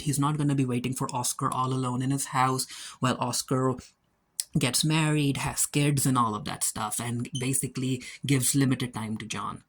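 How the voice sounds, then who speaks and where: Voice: medium pitch, slight background noise. A person casually recapping a TV episode, retelling scenes in a chatty way with playful paraphrased dialogue and plenty of "and I'm like". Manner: frequent fillers like "and I'm like". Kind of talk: casual spoken recap review.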